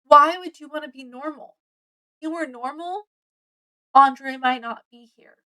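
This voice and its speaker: A woman voicing a calm, kindly male school principal while retelling a story. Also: high voice, unhurried, distant mic, low-quality recording. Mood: gentle.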